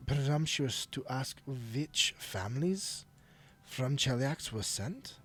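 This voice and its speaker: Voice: medium pitch, animated, slow pace, fairly bright tone, breathy edge. A player in a tabletop role-playing game, talking in a hesitant, stop-start way. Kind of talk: casual tabletop play.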